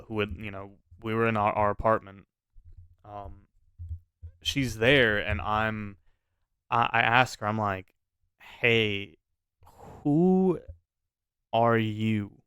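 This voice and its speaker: A man telling a personal story in a casual, animated way, swearing freely and often restarting his sentences. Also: lowish voice, clean tone, no echo, clean studio sound.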